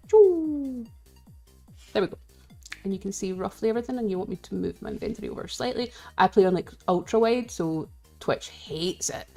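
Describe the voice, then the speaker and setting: A woman's voice: lowish voice, vocal fry, darkish tone. A Scottish woman chatting casually with viewers on a live game stream, rambling and giggling as she greets people.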